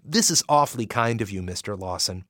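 A man's voice: fairly low pitch, expressive, a little fast, a bit bright, no echo, clean studio sound. A man voicing a cheerful, easygoing young man who speaks in a friendly way.

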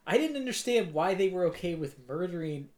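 A man's voice: high-pitched, big pitch swings, fairly quick, darkish tone. A man co-hosting a casual movie review podcast, rambling with lots of fillers and mocking put-on quotes. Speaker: podcast co-host.

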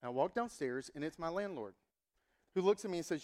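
High-voiced man telling a sermon story. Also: a little fast. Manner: animated, humorous, acts out dialogue. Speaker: pastor.

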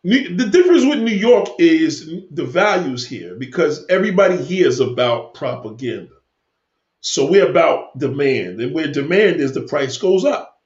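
A man with a slightly high, darkish, sing-song voice speaks at a normal speed. He's heatedly ranting to his stream audience, full of profanity and wandering from one point to another. Echo and a dull lo-fi sound mark the recording.

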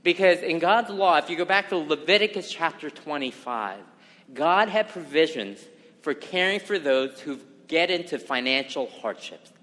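A man delivers a sermon in a slightly high, bright voice. He is earnest and emphatic, often throwing rhetorical questions at his listeners. The sound carries a long reverb, as if in a large hall. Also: lively intonation, moderate pace. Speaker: pastor.

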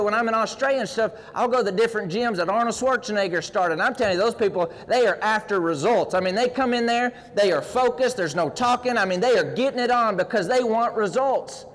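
A man preaching a sermon with passion, folksy stories and rising, near-shouted prayers. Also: extremely high pitch, big-room sound, low-quality recording. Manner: folksy, uses roping and gym stories.

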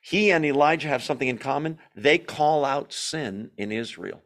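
A man leading a Bible study, teaching emphatically with rhetorical questions and dramatic pauses, speaking. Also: fairly high pitch, animated, fairly bright tone. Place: church.

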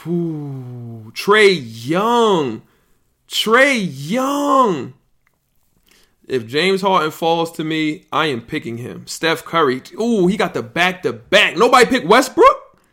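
Man, high voice, unhurried, excitable live reactions, podcast host. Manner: excitable, yelling and laughing at draft picks.

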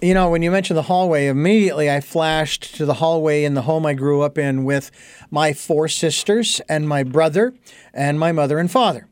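A man with a fairly high voice hosts an interview. He speaks slowly and reflectively, sometimes hesitating, and the sound is dry and close. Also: clean tone, no echo. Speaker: interview host. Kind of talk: conversational interview questions.

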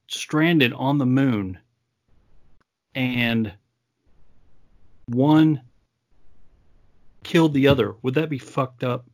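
A man hosting a casual interview, asking teasing questions in a relaxed way. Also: medium pitch, drawn-out words, long pauses. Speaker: podcast host.

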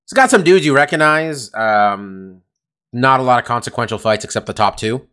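A man's voice: medium pitch, expressive, normal speed, pushed and bright, smooth. Male podcast co-host, casual, rambly, curses a lot. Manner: rambling, profane, uses lots of fillers. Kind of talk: casual chat. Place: California.

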